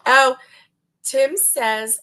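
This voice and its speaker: A woman's voice: high voice, bright, forceful tone. A woman hosting a casual chat about yarn, gushing and laughing as she talks. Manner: gushing, slow and chatty, laughs often. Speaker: host.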